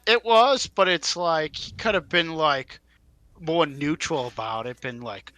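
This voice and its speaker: A man co-hosting a casual podcast, riffing in an animated way with profanity and mocking impressions. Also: on the high side, moderate pace, no echo. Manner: animated, profane, riffs with mocking put-on quotes. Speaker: podcast co-host. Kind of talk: casual chat.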